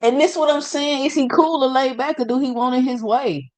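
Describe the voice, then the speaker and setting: A woman's voice: high voice, fairly quick, a little mellow, dry recording. A woman hosting a live reaction show, talking bluntly and firing off rhetorical questions in casual commentary.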